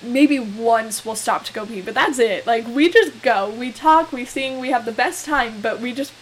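A young woman in her twenties casually telling a story as podcast co-host, laughing often and animated. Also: a little high, normal speed, rough recording. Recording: faint hiss.

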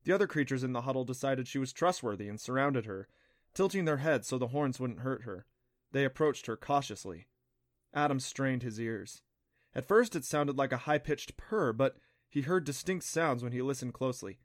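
A male narrator reading an adventure audiobook at a mid pitch, steady and clear. The sound is dry and close, with no room echo at all. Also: moderate pace. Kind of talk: scripted narration.

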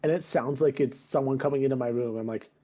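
A man's voice: medium pitch, fast, warm tone. A young man co-hosting a podcast in casual chat, telling rambling stories over a video call. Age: young adult. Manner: rambling storyteller, laughs at himself. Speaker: podcast co-host. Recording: dull lo-fi video call audio.

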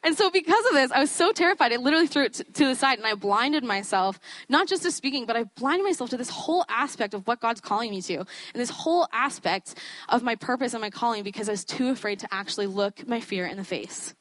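A woman's voice: on the high side, animated, quick pace, fairly bright tone, dry recording. A young woman giving a sermon in a chatty, self-deprecating way, often breaking into laughter. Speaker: student preacher.

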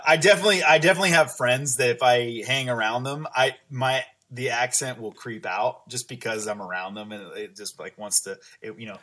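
A man from East Texas, a podcast guest at home, talking in a relaxed, rambling, casual way. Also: medium pitch. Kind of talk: casual chat.

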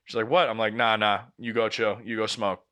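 A young man with a fairly low voice and a slightly quick delivery tells a story on a podcast he co-hosts. He's casual and animated, swearing a lot and acting out what people said.

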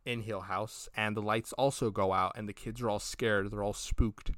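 A man's voice: lowish voice, fairly even intonation, normal speed, fairly bright tone, no room sound, studio quality. A man co-hosting a podcast, retelling scenes in a rambling, casual way and acting out the characters' lines. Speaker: podcast co-host. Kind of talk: casual review chat.

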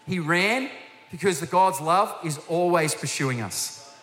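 A man with a slightly high, bright voice preaches with animation at a measured pace as guest minister. He tells stories energetically and puts direct questions to the congregation, recorded in an echoey hall with faint hiss.

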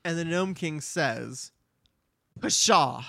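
Easygoing young male co-host, slightly high voice, narrates and laughs, dry close mic. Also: lively intonation, normal speed, fairly bright tone, no echo. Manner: laid-back, narrates plot, laughs often. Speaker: podcast co-host. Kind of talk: casual chat retelling a book.

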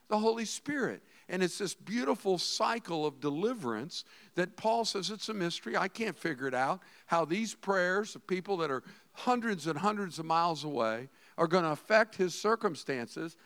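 A middle-aged man preaching a sermon as a pastor, animated, swinging between hushed asides and shouted emphasis. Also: high-pitched.

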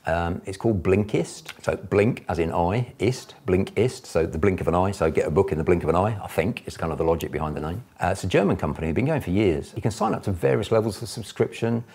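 A man's voice: low-pitched, animated, quick pace, few pauses, darkish tone, breathy edge. A man, a business mentor, giving chatty, enthusiastic advice to camera. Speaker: property investor and business mentor.

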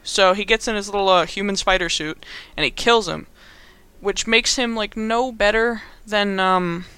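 A man's voice: sits high, moderate pace, pushed and bright, clean tone, dry recording. A young man casually recapping a movie as a podcast host, rambling with lots of fillers and frequent laughs.

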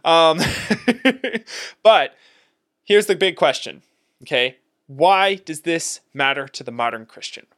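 Guy co-hosting a faith podcast, excited and emphatic, laughs a lot, kinda high voice. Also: a little slow, smooth. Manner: emphatic, animated, often laughing. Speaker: podcast co-host. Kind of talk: casual theological discussion.

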